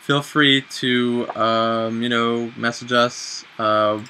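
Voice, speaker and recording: Young male vlogger, 20s, bright and chatty, self-deprecating humor, faint background hiss. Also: medium pitch, slow pace, poor audio. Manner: chatty, animated, self-mocking. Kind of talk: casual advice chat.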